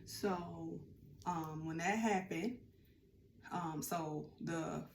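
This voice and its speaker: A woman vlogger telling a casual storytime, chatty and animated, acting out what others said. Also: lowish voice, drawn-out words, vocal fry, a little hiss or hum. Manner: chatty, animated, acts out quotes. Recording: roomy room with faint ambience.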